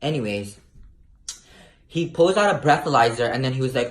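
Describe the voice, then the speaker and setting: A man's voice: mid-range voice, lively intonation, moderate pace. A young man telling a brash, profane story in a sassy storytime vlog. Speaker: vlogger. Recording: roomy echo.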